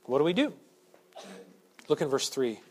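A man with a high voice preaches to his congregation. He drops into quiet, conversational asides, then builds to loud, emphatic points. The delivery is the steady work of a pastor at the pulpit. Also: normal speed. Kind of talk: sermon. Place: church sanctuary.

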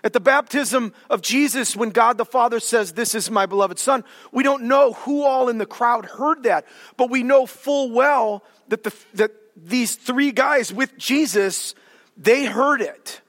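A male pastor preaching a sermon in an animated, joking way, with sudden dramatic swings in volume. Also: very high-pitched, measured pace, in a large hall.

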